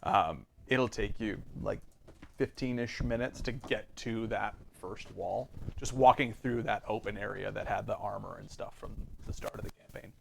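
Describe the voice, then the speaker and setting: A man running a tabletop game as game master, narrating casually and often pausing on ums. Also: on the low side, creaky, a little hiss or hum.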